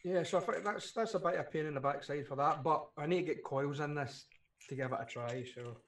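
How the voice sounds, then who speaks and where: A man's voice: on the high side, brisk, a bit bright. A British man co-hosting a casual live stream, chatty and rambling, often repeating his words. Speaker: co-host.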